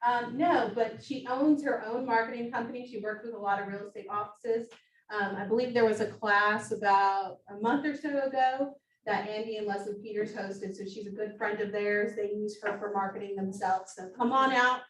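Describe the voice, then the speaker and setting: A woman's voice: medium pitch, fairly even intonation, moderate pace. Chatty woman making meeting announcements. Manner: friendly, chatty, encouraging. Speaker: co-presenter. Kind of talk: office team meeting announcements. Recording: roomy, distant mic, faint noise.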